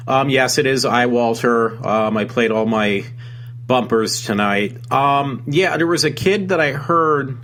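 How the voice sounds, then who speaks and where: A man's voice: mid-range voice, a little slow, fairly bright tone. A man hosting his own talk show, rambling with many ums and restarts. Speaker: show host. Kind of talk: casual solo talk show.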